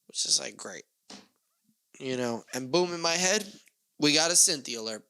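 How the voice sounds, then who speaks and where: A male solo podcast host with a gravelly voice that sits fairly high for a man. He rambles casually, loses his thread, and then rushes ahead in animated bursts.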